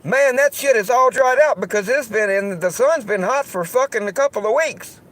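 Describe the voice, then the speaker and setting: A man's voice: very high-pitched, normal speed, fairly bright tone, pitched above the performer's own voice. A man voicing a brash adult male persona of his own with a Southern US accent, crude and profane in his talk. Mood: blustering.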